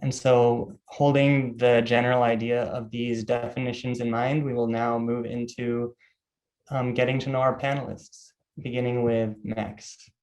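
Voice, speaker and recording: A young man moderating a webinar over a video call, reading definitions in a measured way with occasional ums. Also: medium pitch, level tone, a little mellow, poor audio. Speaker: student group officer, moderator.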